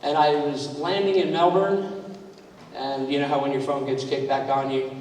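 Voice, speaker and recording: A man's voice: fairly high pitch, flat delivery, normal speed, darkish tone. Story-telling man in an echoey hall. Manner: conversational, storytelling, quizzes the audience. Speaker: speaker at a club training event. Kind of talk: anecdotal speech to an audience. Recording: echoey hall, mic far off, faint noise.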